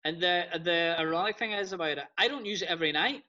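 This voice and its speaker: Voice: mid-range voice, fast, sharp tone, recorded from a distance. A podcast co-host in casual chat, chatty and encouraging the others to talk. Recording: dull lo-fi podcast audio.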